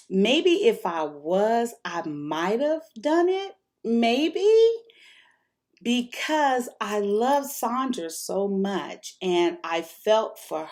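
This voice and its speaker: A woman's voice: medium pitch, darkish tone. Frank middle-aged woman telling a story. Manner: candid, frank, laughs often, swears. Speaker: vlogger. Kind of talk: casual personal storytelling.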